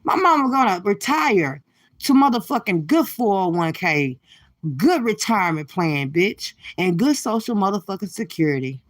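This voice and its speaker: A middle-aged woman doing profane, brash reaction commentary from her car, cursing and laughing through loud rants. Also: mid-range voice, very animated, moderate pace. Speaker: livestream commentator.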